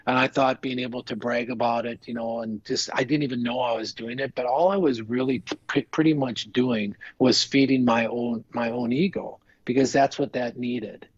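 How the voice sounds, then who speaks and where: A man's voice: medium pitch, fairly even intonation, normal speed, few pauses, breathy edge, no room sound, highs cut off. A man guest on a business podcast, telling stories in an earnest, rambling way full of restarts. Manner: earnest, rambling, frequent restarts and "you know". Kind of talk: casual storytelling interview.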